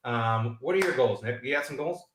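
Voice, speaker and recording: A man chatting on a golf live stream, wandering through a long story and acting out the other people's lines. His voice sits in a middle pitch and carries the echo of a roomy space. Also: a little fast, fairly bright tone, slight background noise. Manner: rambling storyteller, acts out quoted voices. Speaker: golf podcast co-host. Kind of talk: casual live-stream chat.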